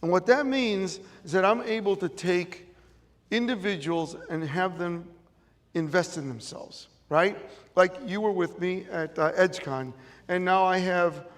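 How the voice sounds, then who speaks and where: A man's voice: high voice, unhurried. A middle-aged man with a Chicago accent giving a motivational stage talk, emphatic and repeating his key phrases. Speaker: motivational speaker. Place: event room with audience. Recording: long reverb of a large room.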